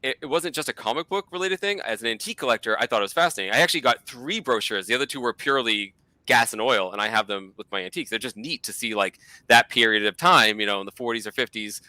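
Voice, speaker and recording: A man with a Boston accent talks at a quick clip in a relaxed interview, rambling from point to point with many fillers. His voice is very bright and cutting, and the recording is dry and close. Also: medium pitch, dry recording. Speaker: guest collector. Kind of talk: casual chat.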